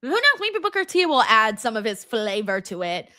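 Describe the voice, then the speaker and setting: A young woman hosts a casual wrestling watch-along and talks through viewer messages. Her voice is bright and sits a little high. She gets animated and breaks into loud exclamations. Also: moderate pace, no room sound, studio quality. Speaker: wrestling stream host. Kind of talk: casual live-stream chat reading super chats.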